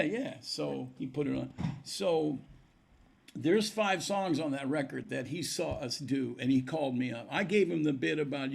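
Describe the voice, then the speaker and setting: This older musician, a guest on a podcast, has a gravelly, slightly rough voice at medium pitch. He tells stories with animation, performing the dialogue and voices of the characters involved.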